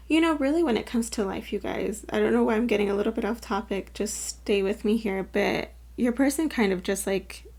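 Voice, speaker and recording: A woman's voice: mid-range voice, fairly quick, gravelly, hardly any pauses, a little mellow. A woman giving a casual, effusive pick-a-card tarot reading to camera, earnest and full of fillers. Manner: chatty and effusive, full of "like" and "you guys"; earnest and openly moved while reading. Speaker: tarot reader.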